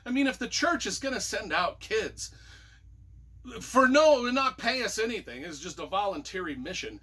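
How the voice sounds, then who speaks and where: Animated, bright-voiced man telling a story. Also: high-pitched, normal speed, husky. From Utah. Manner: animated, rambling, with many fillers and asides. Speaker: book reviewer. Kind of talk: casual personal storytelling.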